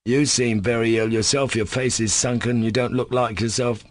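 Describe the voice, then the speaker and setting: A man's voice: medium pitch, steady tone, normal speed, no echo, close to an everyday voice. A man doing a scornful, drawling ill servant. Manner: drawling, contemptuous. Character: sick, scornful former valet, man, contemptuous.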